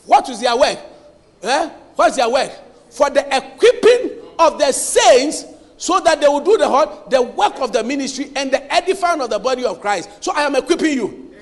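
A man preaching a sermon as pastor, emphatic, often pausing for the congregation to finish his lines. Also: very high voice, big pitch swings. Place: church hall. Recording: long hall reverb.

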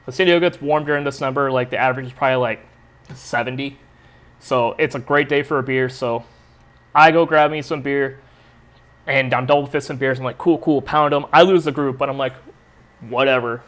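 Young dude podcasting, rambly and cussing a lot, casual story time. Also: male voice, medium pitch, steady tone, a little fast, a bit bright. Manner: profane, rambling, laid-back. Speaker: podcast host.

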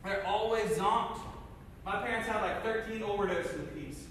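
A man from Cincinnati sharing his personal testimony with an audience, telling it intensely and swinging between loud and hushed. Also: sits high, moderate pace, slight background noise. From Cincinnati, USA. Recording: echoey hall, mic from far off.

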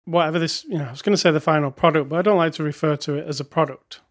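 Jokey co-host, mid-pitched casual voice. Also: very fast. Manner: jokey, chuckles, reads reviews aloud wryly. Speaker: podcast co-host reviewing films. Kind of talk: casual chat.

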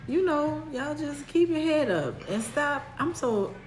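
Woman chatting blunt and sassy, lively up-and-down voice, echoey room. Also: high-pitched, unhurried, faint music behind. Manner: blunt, scolding, laughing. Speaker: podcast co-host. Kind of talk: casual banter.

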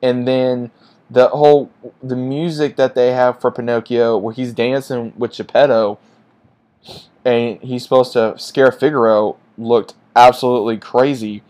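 A man's voice: medium pitch, flat delivery, unhurried, darkish tone. A man giving a casual, frustrated movie review, bluntly repeating his complaints.

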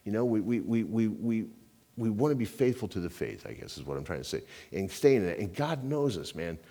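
Preaching to his congregation, this male pastor keeps things loose and talky, peppering lines with "you know" and "man" and alternating booming emphasis with quiet intensity. He speaks briskly in a fairly low voice that swings widely in pitch.

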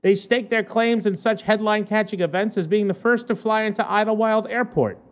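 High-voiced joking man reading news aloud. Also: a little fast. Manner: joking, stumbles over words while reading. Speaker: podcast co-host. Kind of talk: casual chat, reading a news story aloud.

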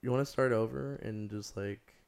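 A young man telling stories in a rambling, animated way, using "like" over and over. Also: on the low side, normal speed, vocal fry, smooth. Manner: rambling, heavy use of "like", animated storytelling. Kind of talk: casual chat.

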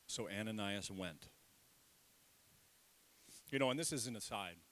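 A middle-aged man preaching a sermon in a church, lively and self-deprecating, leading the congregation in call-and-response. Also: lowish voice, a little slow. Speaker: pastor. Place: church sanctuary.

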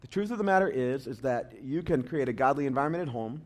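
A man's voice: mid-range voice, expressive, fast talker, darkish tone. Humorous, conversational male pastor. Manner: conversational and humorous, tells anecdotes. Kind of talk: sermon.

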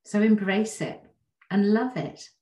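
A woman giving a gentle, reassuring self-help talk straight to the listener, often asking rhetorical questions. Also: medium pitch, slow. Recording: echoey room.

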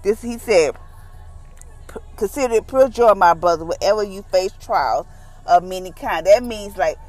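A woman giving a casual daily devotion, talking in a relaxed, down-to-earth way and acting out the voices she quotes. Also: medium pitch, moderate pace. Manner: conversational, acts out quoted voices; informal, down-to-earth phrasing. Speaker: devotional speaker.

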